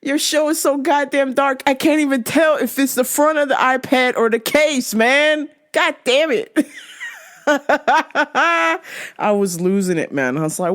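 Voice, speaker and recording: A woman's voice: sits high, slow pace, fairly bright tone. A young woman hosting her own show, ranting casually and comically, swearing freely and often breaking into laughter. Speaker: podcast host. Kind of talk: casual comedic rant.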